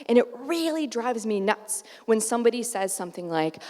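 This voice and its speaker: A middle-aged woman giving a keynote talk at a conference, animated and acting out the voices she quotes. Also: a little high, moderate pace. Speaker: keynote speaker. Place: large conference hall. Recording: echoey hall, far from mic.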